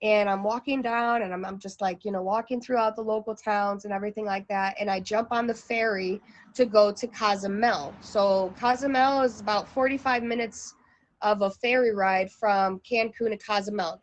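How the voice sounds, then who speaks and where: A woman's voice: medium pitch, steady tone, moderate pace, lo-fi sound, a little hiss or hum. A woman telling a personal travel story in a casual, chatty way, full of fillers and restarts.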